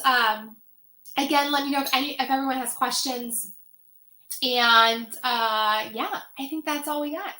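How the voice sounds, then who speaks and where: Chatty bright-voiced woman hosting a money workshop. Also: high voice, roomy sound. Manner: chatty, many fillers. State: voice getting tired. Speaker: financial workshop host. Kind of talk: casual online workshop talk.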